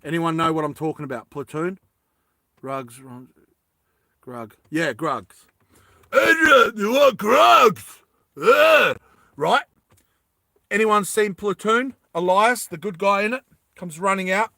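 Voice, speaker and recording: A man's voice: a little high, unhurried, pauses often, sharp tone, no echo. A young man casually telling a comic story, rambling and laughing at his own ideas.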